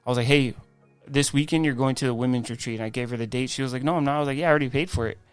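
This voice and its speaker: A man, a guest on a faith podcast, telling his life story in an animated way, acting out quoted dialogue. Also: mid-range voice, very fast, clean tone, no room sound, faint music behind. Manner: frequent restarts and "I'm like" quoting.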